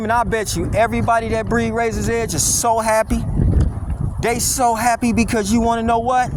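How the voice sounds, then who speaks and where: A man with a high voice delivers a blunt, mocking, slang-heavy rant while walking outdoors. He records on a handheld phone, and faint wind and outdoor noise sit behind his voice. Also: flat delivery, moderate pace. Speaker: dog vlogger. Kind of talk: casual walking vlog monologue. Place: outdoors on a windy wooded walk.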